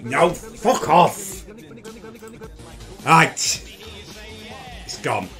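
A man, livestreaming and yelling angry, swearing commentary at his game and his chat. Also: a little high, animated, drawn-out words, faint music behind. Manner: shouting, swearing, exasperated outbursts. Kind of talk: raging live gameplay commentary.

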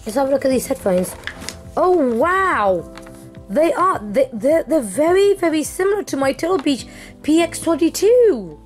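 A woman's voice: high-pitched, measured pace, soft background music. Chatty young woman unboxing, apologizing often. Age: young adult. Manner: apologetic, chatty, excitable, many fillers. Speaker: gaming streamer. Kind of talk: casual unboxing vlog.

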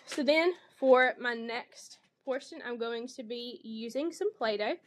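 A woman's voice: on the high side, unhurried. A woman teacher demonstrating a read-aloud lesson for young children, explaining each step and voicing the animal sounds with expression.

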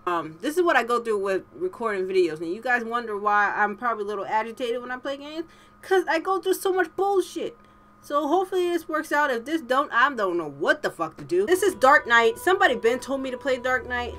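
A woman YouTuber doing let's play commentary, tipsy and frustrated, cursing freely with loud outbursts. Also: a little high, very animated, fairly quick. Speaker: gaming YouTuber.

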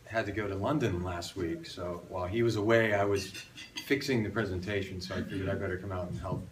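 Male presenter, lively storyteller, recorded at a distance on a phone in a restaurant room. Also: low-pitched, fairly quick, a little hiss or hum. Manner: animated storyteller, rhetorical questions. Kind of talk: conference talk telling a story. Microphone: phone on tripod across the room.

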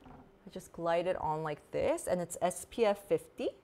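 A woman with a lowish, dark-toned voice hosts a beauty vlog, talking expressively at a moderate pace. She chats in a casual, bubbly way while demoing products live, sprinkling in lots of "like."

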